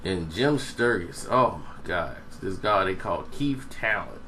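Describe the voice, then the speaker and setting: A man giving a casual, rambling movie review, meandering and pausing to search for names. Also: low voice, animated, bright, forceful tone, slight background noise.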